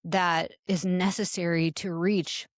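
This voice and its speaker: A middle-aged woman speaks earnestly to her listeners, encouraging them like a coach. Her voice sits a little low for a woman. The sound is dry and close, with no room around it. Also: level tone, slow, no echo. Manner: earnest and encouraging, addresses listeners as "you guys". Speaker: podcast host and salon business coach. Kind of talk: motivational talk.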